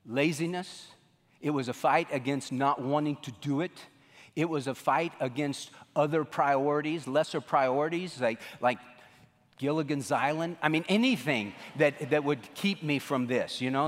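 A middle-aged man preaching a sermon as pastor, telling stories in a folksy way and acting out what people said. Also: mid-range voice. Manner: folksy storytelling, animated quoting. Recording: long reverb of a large hall.

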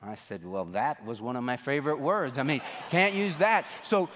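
A man's voice: medium pitch, normal speed. A middle-aged man preaching a sermon as pastor, telling stories in a folksy way and acting out what people said. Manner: folksy storytelling, animated quoting. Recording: long reverb of a large hall.

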